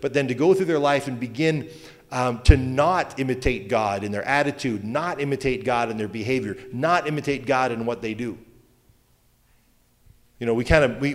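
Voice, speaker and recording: Male pastor, conversational preaching style, joking asides, long hall reverb. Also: medium pitch. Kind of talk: sermon.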